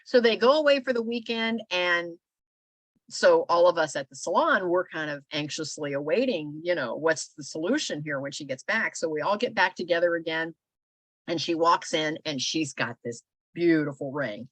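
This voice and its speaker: A middle-aged woman co-hosting a casual talk show, telling animated stories with lots of filler phrases. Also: lowish voice, normal speed, dry recording. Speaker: podcast co-host. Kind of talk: casual storytelling chat.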